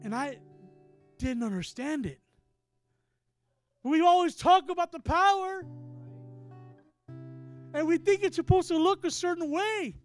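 A middle-aged man preaching a sermon, telling a story in a hushed voice and then rising to loud, emphatic declarations. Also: very high voice, a little slow, long pauses, soft background music.

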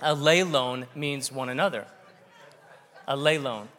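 A man preaching a sermon to a congregation, animated and joking with the audience. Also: medium pitch, measured pace, some chatter behind, slight background noise. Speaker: pastor. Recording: long reverb of a large hall.

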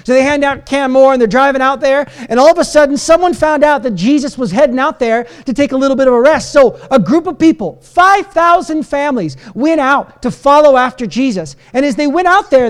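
A man preaching in a church, opening with a prayer and retelling a story in an animated, casual way, with many fillers and restarts. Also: very high voice, clear, resonant tone. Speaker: pastor. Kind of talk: sermon.

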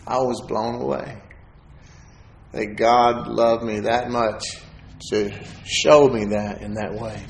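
A man's voice: fairly low pitch, steady tone, takes it slowly, gravelly, roomy sound, a little hiss or hum. A man preaching a testimony, telling a folksy story and acting out the voices of the people in it. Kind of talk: sermon testimony.

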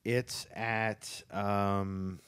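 A man, a stand-up comedian guest, telling stories in casual chat and acting out quotes with loud jumps, swearing freely. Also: lowish voice, level tone, drawn-out words, smooth, no room sound. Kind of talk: casual chat, animated storytelling.

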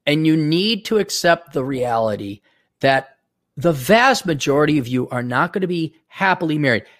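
A man's voice: fairly high pitch, expressive, moderate pace, fairly bright tone. A middle-aged man hosting a podcast, delivering an opinionated, sardonic monologue with mocking asides. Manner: sardonic, mocking, with put-on voices. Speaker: podcast host.

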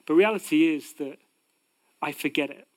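Animated male preacher, high voice. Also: normal speed. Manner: animated, swings from loud proclaiming to hushed. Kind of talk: sermon.

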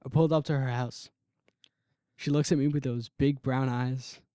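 A young man tells a first-person story with intense, brooding emotion. His voice sits in a middle pitch and is recorded dry and close, with no room around it. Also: steady tone, normal speed, warm tone, clear, resonant tone, no echo.

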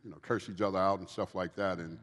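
A low-sitting, fairly bright voice with a steady tone and a quick pace belongs to a man in recovery testifying at a church Q&A. As the guest speaker, he's earnest and preachy, often repeating himself, and the big hall creates a long reverb.

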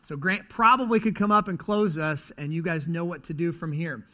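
A man's voice: on the high side, moderate pace. A man preaching a casual, conversational sermon as pastor, often acting out other people's voices. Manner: conversational, animated, acts out quoted voices.

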